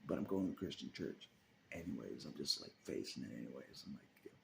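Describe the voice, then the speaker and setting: Low, very gravelly-voiced man vlogging; rambling, chuckles a lot, pitch swings widely. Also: expressive, fairly quick, a little mellow, slight background noise. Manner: rambling, chuckles often, trails off into muttering. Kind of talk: casual monologue to camera.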